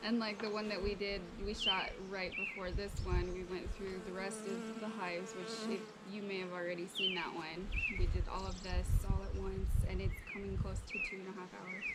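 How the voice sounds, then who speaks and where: A woman chatting casually outdoors beside beehives, playful and quick to laugh. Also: mid-range voice, flat delivery, heavy background noise. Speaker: co-host, vlogger's wife.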